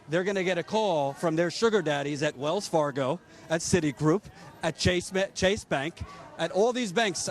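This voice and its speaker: Man, fairly high voice, impassioned street commentary, rhetorical questions, outdoors at a protest. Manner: impassioned, rapid-fire ranting with rhetorical questions. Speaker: political reporter.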